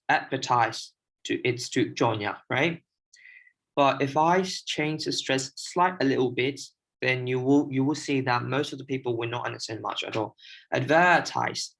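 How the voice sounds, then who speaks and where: Gravelly-voiced young man, halting speech. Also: mid-range voice, a bit bright, rough recording. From Myanmar. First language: Burmese. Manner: hesitant, many restarts and fillers. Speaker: language learner sharing tips. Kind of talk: casual livestream talk.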